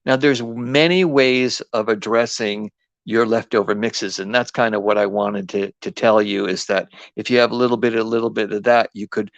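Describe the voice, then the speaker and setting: East Coast male craft host, lowish voice, rambling live chat, dry booth-like sound. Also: steady tone, normal speed, no room sound, lo-fi sound. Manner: rambling, chatty, full of ums and restarts. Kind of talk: casual live craft demo.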